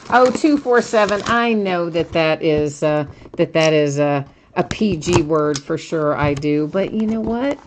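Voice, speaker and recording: A woman's voice: low voice, animated, a little slow, hardly any pauses, noisy background. A woman hosting a live card-break stream, chatting casually, laughing often and reading viewer comments aloud.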